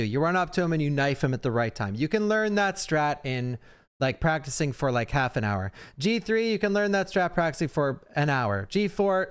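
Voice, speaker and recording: A man's voice: a little high, clear, resonant tone. A young man streaming, chatting casually through a reaction to a speedrun with lots of fillers. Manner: chatty, fast asides, frequent fillers.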